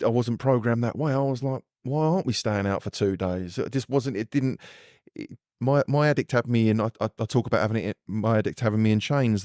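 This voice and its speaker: A man's voice: mid-range voice, darkish tone, dry recording, clean studio sound. A man hosting a recovery podcast, supportive and chatty, sharing his own story. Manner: supportive, brief affirmations. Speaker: podcast host. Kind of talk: casual interview chat.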